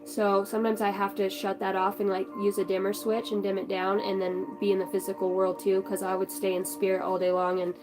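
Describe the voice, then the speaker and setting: A woman's voice: medium pitch, flat delivery, a little fast, few pauses, music in the background, poor audio. A young woman in a rambling, chatty vlog, doing a spiritual card reading and talking casually, with the odd swear word. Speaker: spiritual channel host.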